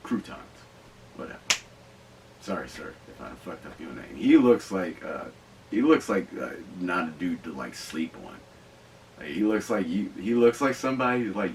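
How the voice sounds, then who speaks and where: An excitable man hosts a casual podcast, his low voice pushing hard as he rambles and swears through asides. He sits back from the mic, with a faint hiss underneath. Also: moderate pace, long pauses, distant mic, rough recording. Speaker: podcast host reviewing movies. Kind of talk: casual riffing commentary.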